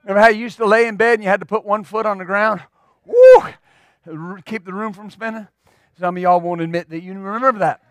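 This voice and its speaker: High-voiced folksy pastor man preaching. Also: quick pace, dry recording, clean studio sound. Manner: folksy, humorous, animated storyteller who repeats words. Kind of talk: sermon storytelling.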